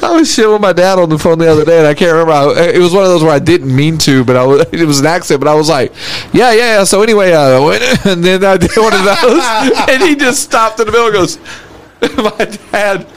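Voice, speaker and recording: A man's voice: high-pitched, fairly quick, a little hiss or hum. A man co-hosting a podcast in casual chat, crude and laughing often as he tells stories. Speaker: podcast co-host.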